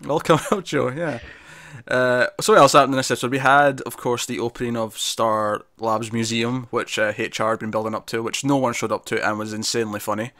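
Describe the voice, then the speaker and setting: A man co-hosting a TV review show, chatting casually in a quick, animated way with frequent restarts. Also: mid-range voice, no room sound, clean studio sound. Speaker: TV review podcast co-host. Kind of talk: casual chat.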